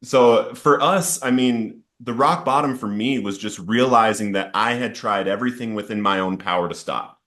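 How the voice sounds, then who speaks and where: Male guest, lower register, earnest testimony delivery, builds intensity when recounting outbursts. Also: normal speed, hardly any pauses, a bit bright. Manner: earnest, storytelling with rising intensity in quoted outbursts. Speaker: podcast guest sharing recovery story. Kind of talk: emotional personal testimony.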